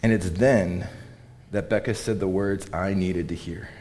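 A man's voice: deep voice, fairly even intonation, a little slow, darkish tone. Earnest male preacher. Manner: earnest, emphatic preaching with repeated phrases. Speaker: pastor. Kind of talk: sermon.

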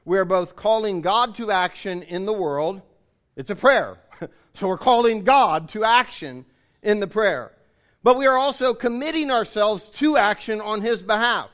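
A man's voice: sits high, moderate pace, fairly bright tone. A man preaching a sermon, explaining his points in an earnest way and restating them.

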